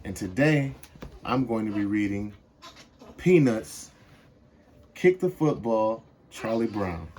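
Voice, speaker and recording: A young man reading a picture book aloud to children in a measured, expressive way. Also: on the low side, slight background noise. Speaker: storybook reader.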